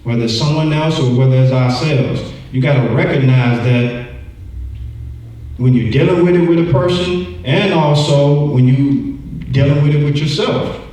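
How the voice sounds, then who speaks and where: Brief: male Bible teacher with a slightly high voice and a casual, repetitive delivery, distant in an echoey room. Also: moderate pace, warm tone. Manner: conversational, repeats words, acts out voices. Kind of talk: church lesson, sermon-like.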